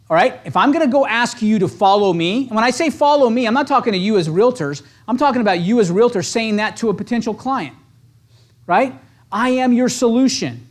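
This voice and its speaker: A man giving an energetic motivational training talk to real estate agents, punchy and conversational, constantly checking in with "right?". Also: high voice.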